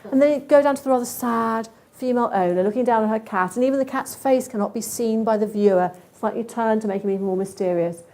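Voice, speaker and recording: A woman giving a lively, expressive conference talk about cat behaviour. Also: fairly high pitch, fast talker, hardly any pauses. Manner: lively, expressive, acts out animal thoughts.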